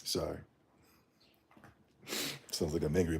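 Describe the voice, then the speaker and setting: A man's voice: sits low, steady tone, slow, gravelly, dark tone, husky. A man hosting a casual livestream, ranting bluntly in slangy talk and reading the chat. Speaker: streamer.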